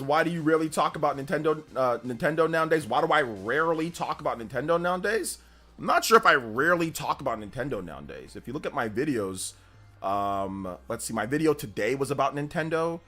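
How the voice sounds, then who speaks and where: A man hosting a casual gaming news livestream, chatting freely, reading out viewer questions and telling animated stories with frequent laughter. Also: on the high side, brisk, soft background music. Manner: animated storyteller, laughs often, answers chat questions.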